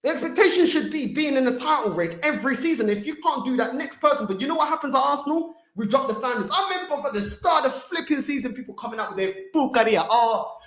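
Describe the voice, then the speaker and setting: A man's voice: very high voice, animated, fast talker, hardly any pauses, fairly bright tone. Heated man ranting. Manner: heated, ranting, street slang. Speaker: football fan channel host. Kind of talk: angry livestream rant. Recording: echoey room.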